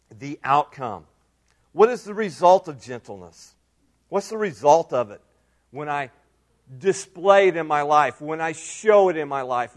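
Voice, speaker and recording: Earnest preacher with a higher voice. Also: male voice. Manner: earnest, repeats key phrases for emphasis; swings between loud emphasis and quiet asides. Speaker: pastor. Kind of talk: sermon.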